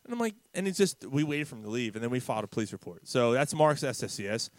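A man hosting a casual podcast, telling a road-rage story with lots of swearing and loud acted-out quotes. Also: medium pitch, fast, no room sound. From Philadelphia area. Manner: profane, animated storyteller, shouts out quoted lines. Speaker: podcast host.

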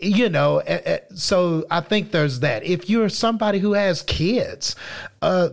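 Slow gravelly man reviewing films. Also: fairly high pitch. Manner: halting, many restarts and fillers. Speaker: film podcast co-host. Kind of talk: casual film review chat.

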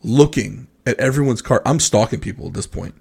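A man on a podcast telling a rambling, animated story in casual chat. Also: medium pitch, brisk, gravelly, breathy edge. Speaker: podcast co-host.

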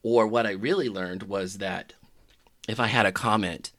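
A middle-aged man telling a personal story in a halting, reflective way that often trails off quietly. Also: lowish voice, fairly even intonation, no echo, studio quality. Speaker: podcaster telling his own story.

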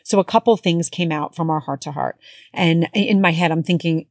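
A woman in her thirties or forties hosts a podcast and tells a family story in a chatty, rambling way, with lots of fillers and self-corrections. Her voice sits a little low for a woman. The recording is dry and close. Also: normal speed, dry recording. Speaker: podcast host, mother. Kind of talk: casual storytelling.

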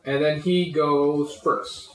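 Game master, male, casual and halting, higher voice, roomy echo. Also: fairly even intonation, a bit bright, recorded from a distance. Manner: hesitant, many fillers. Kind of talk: narrating a tabletop game.

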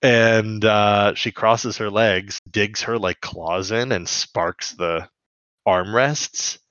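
A man's voice: fairly low pitch, steady tone, slow, a bit bright, dry recording, highs cut off. A man co-hosting a podcast, casually recapping a cartoon episode in a rambling way with lots of fillers and laughs. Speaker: podcast co-host.

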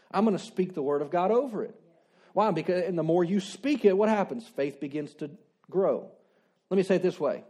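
With a high, warm voice, a male pastor preaches conversationally, posing rhetorical questions and repeating his key declarations.

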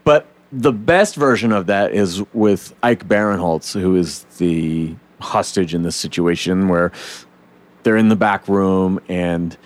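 A man with a low voice leads a relaxed podcast conversation. He swears freely and keeps acting out the scenes he retells. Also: a little slow. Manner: animated, swears, acts out comic scenes in voices. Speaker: podcast host. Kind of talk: casual chat.

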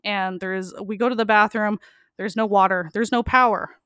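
A woman's voice: mid-range voice, steady tone, normal speed, a bit bright, smooth, no room sound, clean studio sound. A young woman telling a frank story as a podcast guest, laughing often and saying "like" a lot. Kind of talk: casual storytelling.

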